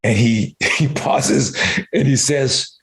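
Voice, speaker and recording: A man's voice: medium pitch, takes it slowly. A middle-aged man, a self-defense expert, telling a candid personal story as a podcast guest, swearing freely and acting out his own inner dialogue. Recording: echoey room.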